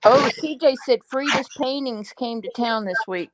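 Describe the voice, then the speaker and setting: A woman's voice: high voice, normal speed, a little hiss or hum, low-quality recording. A woman chatting casually with a wry, teasing humor. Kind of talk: casual chat.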